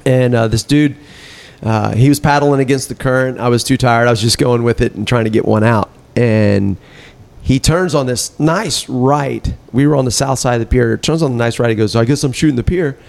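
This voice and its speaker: A man hosts a relaxed conversation, his voice carrying a gravelly edge. He tells stories loosely, restarting and laughing as he goes. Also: mid-range voice, moderate pace. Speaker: podcast host. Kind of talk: casual chat.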